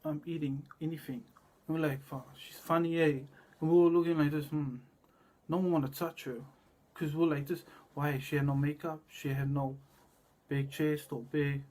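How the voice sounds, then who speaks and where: A man talking in a rambling, disjointed monologue that jumps between loud and quiet passages and repeats itself. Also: a little high, flat delivery, normal speed.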